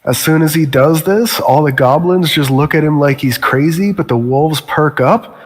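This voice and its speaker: A man narrating a tabletop game as game master in a measured, dry manner. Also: on the high side, breathy edge, long reverb tail.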